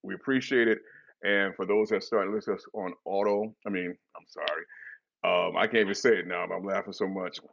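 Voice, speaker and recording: A man's voice: low voice, a little fast, vocal fry, lo-fi sound, slight background noise. A man hosting a podcast, signing off the show with lots of laughter. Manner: lively, laughing, warm-hearted sign-off. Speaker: podcast host. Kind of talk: casual podcast sign-off.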